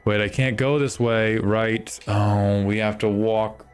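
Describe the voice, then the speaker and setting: Man, young adult, streamer, low voice, frustrated, swearing a lot, live gameplay commentary. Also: steady tone, slow pace, clear, resonant tone, soft background music. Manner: frustrated, swears constantly at the game.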